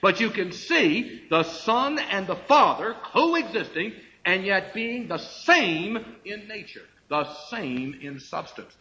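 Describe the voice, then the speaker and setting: A man preaching an expository Bible sermon, slowing to stress key phrases and answering his own rhetorical questions. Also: high voice, bright, forceful tone, lo-fi sound, a little hiss or hum.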